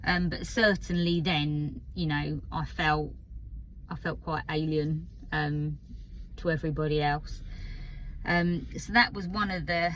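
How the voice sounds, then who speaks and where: A woman in her fifties with an Essex accent talks slowly and openly to the camera, pausing often and filling gaps with soft fillers. Her voice sits on the lower side, and a faint nervousness runs under her unhurried, reflective delivery. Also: steady tone, slight background noise, poor audio. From Essex, England. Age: 50s. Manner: hesitant, candid, many pauses and fillers. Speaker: vlogger. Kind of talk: personal reflective vlog.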